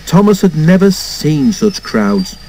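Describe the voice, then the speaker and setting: A man reading a children's storybook aloud in an expressive way, doing all the character voices himself. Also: on the high side, slow, a little hiss or hum, poor audio. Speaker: storybook narrator.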